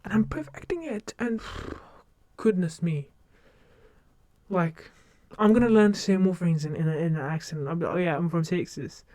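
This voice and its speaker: A young woman streamer in casual live-stream chat, talking quickly and rambling, with lots of fillers and restarts. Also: lowish voice, lively intonation, dark tone, dry recording. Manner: rambling, fast and talkative with many fillers. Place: home streaming setup.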